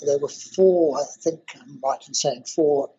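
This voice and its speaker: An older man from South Africa, interviewed in a university lab, explaining technical ideas step by step in a measured way. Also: on the high side, warm tone, slightly rough, lo-fi sound. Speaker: interviewee, engineering professor.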